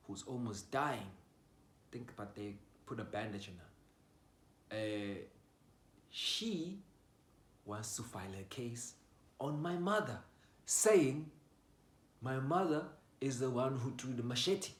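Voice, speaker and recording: Animated man telling a story. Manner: animated, swings from loud outbursts to low mutters, swears freely. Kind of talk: casual personal storytelling. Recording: roomy echo.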